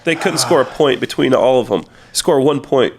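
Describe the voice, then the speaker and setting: A man's voice: mid-range voice, moderate pace. A man as a podcast guest in casual chat, easygoing and ribbing the others. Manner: easygoing, good-natured ribbing.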